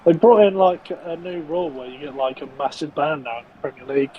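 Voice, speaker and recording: A man chiming in with quick, brief remarks on a casual football watch-along. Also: fairly high pitch, narrow, tinny audio. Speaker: podcast co-host.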